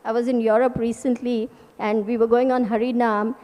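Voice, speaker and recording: A woman's voice: fairly high pitch, flat delivery, normal speed, mellow, in a large hall. A woman teacher giving a scripture class, emphatic and forthright, with rhetorical asides.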